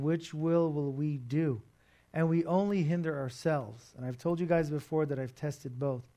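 Male preacher, conversational and animated delivery, fairly high pitch. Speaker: pastor. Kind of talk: sermon.

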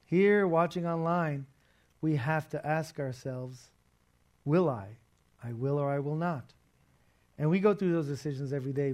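Male preacher, conversational and animated delivery, fairly high pitch. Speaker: pastor. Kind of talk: sermon.

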